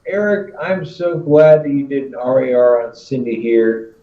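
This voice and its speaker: A man's voice: medium pitch, fairly even intonation, measured pace. A man joining a casual podcast chat, cracking crude jokes. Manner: crude, joking. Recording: echoey, dull sound with crowd noise.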